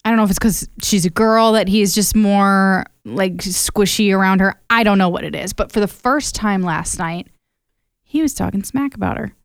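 Young female radio co-host, chatty storyteller, smooth clear voice, dry studio sound. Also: medium pitch, moderate pace, no room sound. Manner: chatty storyteller, animated retelling. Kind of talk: casual radio chat.

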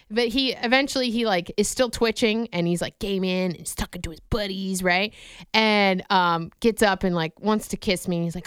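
A woman's voice: mid-range voice, expressive, normal speed, a bit bright, clear, resonant tone, dry recording, studio quality. A woman co-hosting a radio show, telling a story in a chatty way and laughing often. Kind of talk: casual radio banter.

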